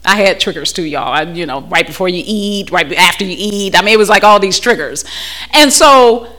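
Woman, candid church testimony, bright voice, very animated pitch, frank and laughing, handheld mic. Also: a little fast. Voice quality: frank and chatty, often laughing, repeats words as she restarts. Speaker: speaker giving a personal testimony. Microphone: handheld microphone.

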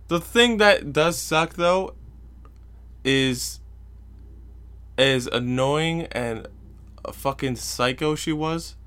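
On his casual solo podcast rant, a young host recounts a story with exasperation and profanity, mocking those he quotes. He speaks at medium pitch with a fairly bright, clean tone.

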